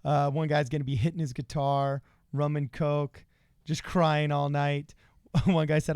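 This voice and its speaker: A man hosting a livestream in a casual, joking way, reading out viewer messages and reacting loudly to them. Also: fairly high pitch, flat delivery, measured pace, clear, resonant tone, dry recording, studio quality. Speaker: livestream host.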